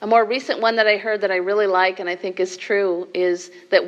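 A woman teaching as a meditation leader, giving a dharma talk to a group in a measured way, with soft laughs and asides of "right?". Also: mid-range voice, fairly even intonation, dull audio.

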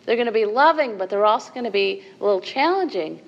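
A woman teaching as a meditation leader, giving a dharma talk to a group in a measured way, with soft laughs and asides of "right?". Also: medium pitch, animated, gravelly, lo-fi sound.

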